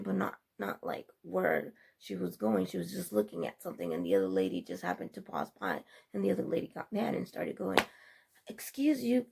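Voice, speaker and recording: A young woman tells a long, meandering story to her camera, acting out what everyone said along the way. Her voice is heavily gravelly, with a deep fry, and is very rough and husky. She keeps the delivery chatty and informal throughout. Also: dark tone. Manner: rambling, chatty retelling with quoted dialogue. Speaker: vlogger. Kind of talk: casual storytelling vlog.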